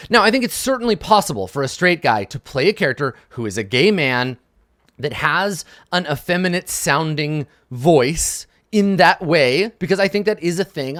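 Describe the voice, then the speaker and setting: A man's voice: fairly high pitch, a bit bright, no echo, studio quality. A middle-aged man hosting an advice show for game masters, speaking frankly and emphatically, swearing casually and ending his points with "right?". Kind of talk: advice monologue.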